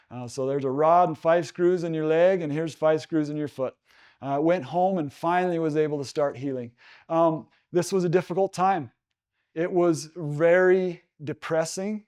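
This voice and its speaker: Telling a personal story as a guest seminar speaker, a young man from Utah halts often, restarts, uses many fillers, and becomes emotional. He has a slightly high, steady voice that is darkish, clear, and resonant.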